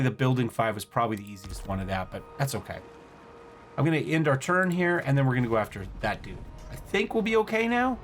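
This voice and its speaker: A man hosting a casual let's-play, thinking aloud as he plays and often stumbling over words. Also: mid-range voice. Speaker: gaming channel host.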